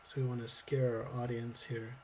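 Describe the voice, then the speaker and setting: A man's voice: medium pitch, level tone, moderate pace, a little mellow, slight background noise. A man hosting a live storyboard drawing stream, chatting casually and thinking aloud as he draws.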